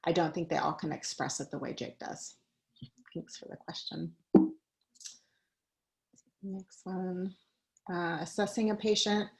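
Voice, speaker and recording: A woman's voice: fairly low pitch, moderate pace, creaky, rough recording. A woman giving a conversational talk on a video call, mixing personal stories with practical advice and light laughs. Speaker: guest speaker.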